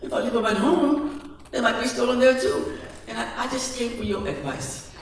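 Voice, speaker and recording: A man voicing a gentle, clever mother who speaks politely and soothingly. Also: very high voice, moderate pace, vocal fry, a little hiss or hum, pitched above the performer's own voice. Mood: feigned helpless. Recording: echoey hall from far off, faint music.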